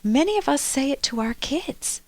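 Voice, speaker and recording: A woman co-hosting a relationship podcast, musing in a chatty, animated way. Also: sits high, normal speed, no echo. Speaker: podcast co-host. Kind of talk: conversational commentary.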